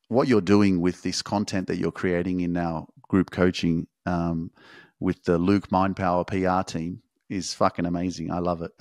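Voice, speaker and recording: Man, low voice, blunt swearing motivational coach, dry close mic. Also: no echo. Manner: profane, forceful, repetitive exhortation. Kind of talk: motivational monologue.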